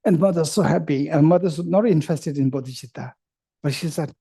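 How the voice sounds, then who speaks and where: Man, Buddhist teacher at a retreat, slightly high and mellow, playful storyteller. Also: fairly quick, breathy edge. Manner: playful storyteller who acts out everyday dialogue; repeats points and checks understanding with the audience. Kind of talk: dharma teaching to a retreat group.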